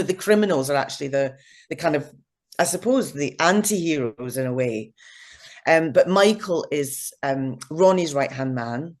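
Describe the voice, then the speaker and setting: A woman's voice: rumbling low, darkish tone. A middle-aged woman, an actress, chatting as an interview guest, full of fillers and restarts. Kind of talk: casual interview chat.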